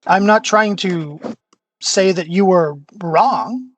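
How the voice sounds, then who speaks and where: A player answers in character, measured and hesitant, choosing evasive words. The voice is mid-pitched and dry with no room sound. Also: no room sound, poor audio. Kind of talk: in-character tabletop role-play.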